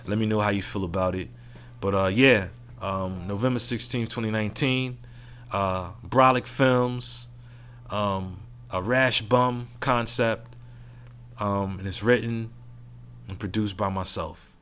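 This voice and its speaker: With an unhurried delivery and a voice on the low side, a bit bright, a man hosts a solo podcast from home. He talks frankly and reflectively, swearing along the way, into his mic. Slight background noise is present in this casual monologue.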